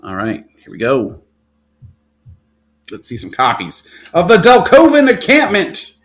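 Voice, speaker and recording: Excitable man rattling off card names. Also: fairly low pitch, low-quality recording. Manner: rapid-fire listing with excited outbursts and cursing. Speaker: live stream card seller. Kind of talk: casual live stream pack opening.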